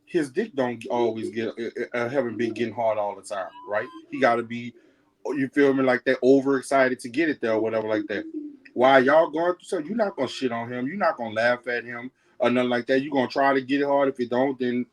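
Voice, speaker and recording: A man's voice: medium pitch, quick pace. A man calling in as a podcast guest, rambling and explaining, often checking that he is understood. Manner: rambling, keeps repeating "you feel me". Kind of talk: casual podcast debate.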